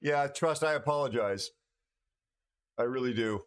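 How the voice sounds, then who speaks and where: A US man hosting a livestream is tired from no sleep, chatting casually with viewers and often stumbling over and repeating his words. His voice is mid-range with a measured pace.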